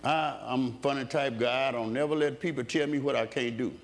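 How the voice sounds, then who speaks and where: A man's voice: mid-range voice, steady tone, brisk, creaky. A man preaching a sermon in a rhythmic way, asking the congregation questions and answering them himself.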